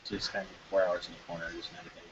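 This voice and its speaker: A man's voice: low-pitched, flat delivery, racing, fairly bright tone. A man playing a tabletop game, asking for rolls in a matter-of-fact way. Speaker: player. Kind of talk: casual tabletop play. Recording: muffled recording with faint noise.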